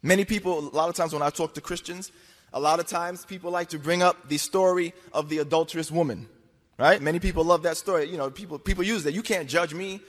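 Man, argumentative lecture, fairly high voice, insistent, rhetorical questions, long hall reverb. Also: steady tone, fast. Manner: insistent, repeats points, asks rhetorical questions. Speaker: speaker addressing an audience.

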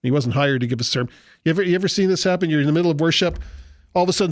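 Animated male pastor preaching. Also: on the high side, rapid-fire, no echo, clean studio sound. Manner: animated, humorous storytelling with impressions. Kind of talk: sermon.

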